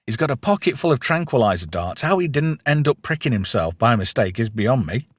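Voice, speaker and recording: A man in the middle of his range, chatting about a film he clearly enjoys. He retells scenes and slips into quoted lines with relish. His voice sits close and dry, with no room sound. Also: mid-range voice, brisk, no room sound. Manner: recaps plot with lively quoted lines and frequent laughs. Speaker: podcast host. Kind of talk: casual film review chat.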